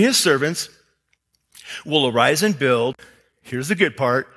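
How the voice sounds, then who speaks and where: A man preaching a sermon as pastor, lively and emphatic, full of rhetorical questions and quoted lines. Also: a little high, slightly rough. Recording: long hall reverb.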